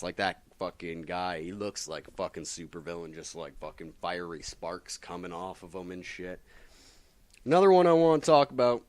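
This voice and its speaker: A man's voice: sits low, clear, resonant tone, no room sound. A man casually reviewing comic books, rambling and swearing constantly with lots of filler words. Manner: profane, rambling, animated, many fillers. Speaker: comics vlogger.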